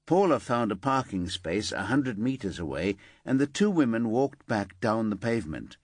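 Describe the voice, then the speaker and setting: Husky low-voiced male audiobook narrator. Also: big pitch swings, moderate pace, no echo, clean studio sound. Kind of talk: scripted narration.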